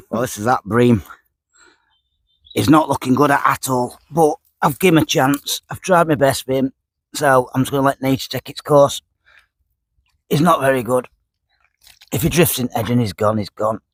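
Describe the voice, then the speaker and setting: Bloke chatting away at the lake, plain mid voice, dry close sound. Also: male voice, medium pitch, no room sound. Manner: chatty, drops articles, repeats himself. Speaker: fishing vlogger. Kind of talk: casual talk to camera while fishing. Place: lakeside outdoors.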